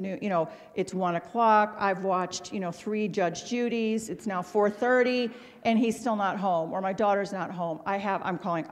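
A woman's voice: mid-range voice, a little mellow. A middle-aged woman from Missouri giving a humorous, candid public talk as a guest speaker, rambling with self-deprecating asides. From Missouri, USA. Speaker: guest speaker at an autism symposium. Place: large hotel ballroom. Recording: long reverb of a large ballroom.

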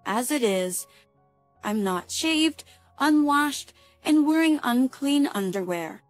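A woman reading the lines of a frightened but quick-witted young woman camper in a storybook tale, with a pleading, anxious tone. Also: high voice, lively intonation, no room sound, faint music behind, voice pushed up. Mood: coaxing.

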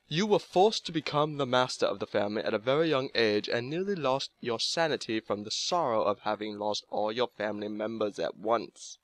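Man voicing a formal elderly butler, solemn, sorrowful, bright tone. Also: mid-range voice, close to an everyday voice. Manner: formal, solemn letter reading. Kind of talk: reading a game letter aloud in a put-on voice.

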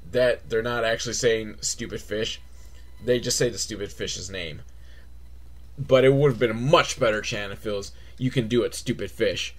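A man hosting a comedy podcast, recapping a children's movie with sarcastic, mocking commentary and sing-song mimicry. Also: mid-range voice. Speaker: podcast host.

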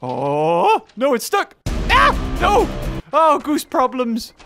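Animated woman, playful game commentary. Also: high-pitched, slow, music in the background. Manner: playful, teasing the game characters, frequent laughter and squeals. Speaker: gamer playing a video game. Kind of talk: casual let's-play commentary.

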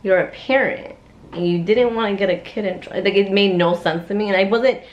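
A young adult woman and family vlogger telling a story in a chatty, animated way, full of fillers. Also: medium pitch, a little fast, muffled recording. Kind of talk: casual vlog chat.

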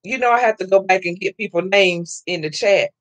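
A woman hosting a live crafting stream from home, loud and excitable, chatting with viewers and laughing often. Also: medium pitch, a little fast, no echo. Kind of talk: casual live-stream chat, reading viewer comments.

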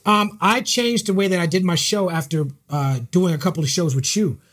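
A man's voice: sits high, normal speed, slightly rough. A man hosting an interview, asking enthusiastic questions and affirming often. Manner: warm-hearted, enthusiastic questioner who affirms a lot. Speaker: podcast host. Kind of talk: interview conversation.

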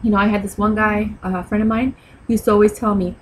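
A woman's voice: medium pitch, level tone, fast talker, slight background noise, low-quality recording. A woman giving etiquette advice in a casual vlog, talking in a blunt, sassy, lecturing way. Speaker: vlogger.

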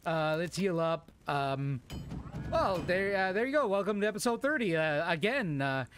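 A man giving excitable gameplay commentary into a desk microphone, swearing and shouting exclamations at enemies. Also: high-pitched, normal speed, slight background noise. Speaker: gameplay video host. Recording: loud gunfire from game audio. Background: game sounds, gunshots and clicks.

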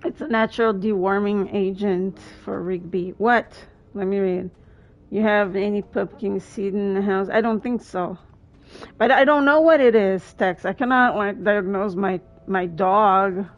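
A woman's voice: medium pitch, steady tone, measured pace, dull audio. A woman streamer chatting with her viewers as she plays a video game, exclaiming often and laughing between remarks. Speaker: gaming streamer. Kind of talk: live gameplay commentary with chat.

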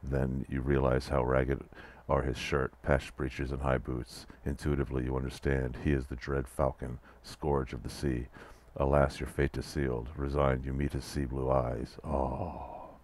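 A man's voice: rumbling low, flat delivery, measured pace, few pauses, darkish tone, slight background noise. A man playing an interactive fiction game, reading its text aloud and adding dry, wry asides of his own. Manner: dry wry asides between narrated passages. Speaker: let's play player reading text aloud.

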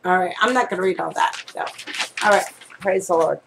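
A woman's voice: fairly low pitch, brisk, vocal fry, background noise. A woman prophetess preaching on a live stream, reading scripture earnestly and then talking in a chatty, conversational way with asides and prayers. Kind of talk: casual devotional talk with reading and prayer.

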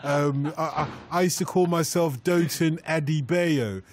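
A man's voice: fairly high pitch, unhurried, slight background noise. A man hosting a radio phone-in, chatty and laughing easily as he talks over his guests. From grew up in Britain. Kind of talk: casual radio phone-in chat. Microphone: studio microphone.

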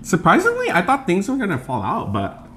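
A man's voice: sits high, huge pitch swings, a little fast, background noise. A man co-hosting a casual eating video, chatting in an upbeat way and laughing often. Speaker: co-host. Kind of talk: casual mukbang chat while eating.

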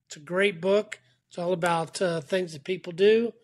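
High-voiced talkative man guest. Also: steady tone, normal speed. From Atlanta, Georgia. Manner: talkative, storytelling with repeated restarts. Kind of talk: casual interview chat. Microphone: remote call.

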